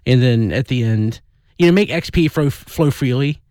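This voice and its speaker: A man's voice: medium pitch, normal speed, darkish tone, no room sound, clean studio sound. A man talking in a casual podcast chat, hesitant, with many fillers.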